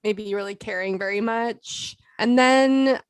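A woman co-hosting a podcast, chatting casually in a relaxed way that trails off at the ends of phrases. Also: mid-range voice, a little slow, smooth, no echo. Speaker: podcast co-host. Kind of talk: casual chat.

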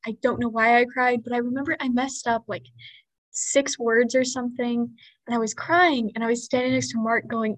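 A woman's voice: a little high, fairly quick, no echo, low-quality recording. A teenage girl, a student officer co-hosting a podcast, telling a personal story and acting out the lines of each person in it. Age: teens. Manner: storytelling, lively retelling of quoted exchanges. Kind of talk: casual podcast chat.

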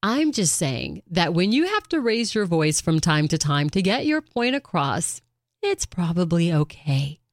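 Middle-aged woman, lowish voice, dry close mic, heartfelt reflective talk. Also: sing-song, a little slow, no echo. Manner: earnest, heartfelt, with bright acted quotes. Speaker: caregiver sharing reflections. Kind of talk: personal reflective monologue.

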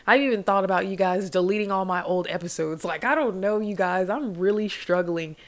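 A woman's voice: medium pitch, fairly quick. A young adult woman hosting a solo podcast, talking candidly and at length, with many "like"s and asides to "you guys.". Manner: rambling, heartfelt, heavy use of "like" and "you guys". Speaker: podcast host.

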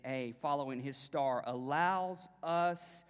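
A man preaching a sermon as pastor, moving from relaxed storytelling to emphatic preaching and dropping to a hushed near-whisper on key phrases. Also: medium pitch, a little slow, clean tone, in a large hall.

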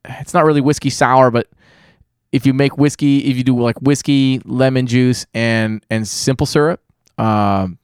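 A man's voice: mid-range voice, fairly even intonation, a little slow, darkish tone, smooth, no room sound, clean studio sound. An American man in his thirties hosting a podcast over a video call, chatty and rambling with easy laughs. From United States. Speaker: podcast host. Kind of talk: casual chat.

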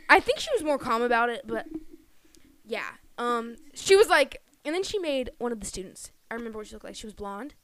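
A woman with a high, clear, smooth voice, co-hosting a casual chat podcast. She tells childhood stories in an animated, giggly way, her pitch bouncing up when she laughs at herself. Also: a little fast, no echo. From Pennsylvania. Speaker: podcast co-host.

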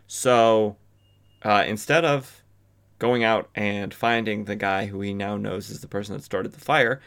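A man with a fairly low voice talks through an old comic book story for his podcast. His delivery is loose and conversational, peppered with filler words. He drops in wry asides along the way. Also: fairly even intonation, measured pace, gravelly, a bit bright, clear, resonant tone. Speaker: podcast host. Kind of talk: casual comic book recap.

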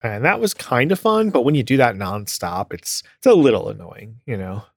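A man chatting casually as a podcast co-host, rambling along in a relaxed way. His voice sits at a middling pitch and sounds dry and close, with no room around it. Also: normal speed, creaky, slightly rough, dry recording. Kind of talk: casual chat.

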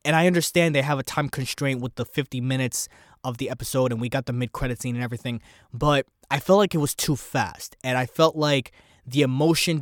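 A man hosting his own solo podcast, rambling and animated as he thinks aloud about a show. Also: mid-range voice, no room sound, studio quality. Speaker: podcast host. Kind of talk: casual solo podcast commentary.

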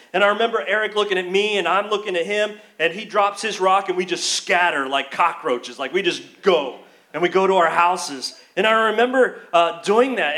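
A man's voice: high voice, fairly bright tone. A man preaching a sermon as pastor, in a conversational storytelling way that slips into acted-out pleas and quotes. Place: church.

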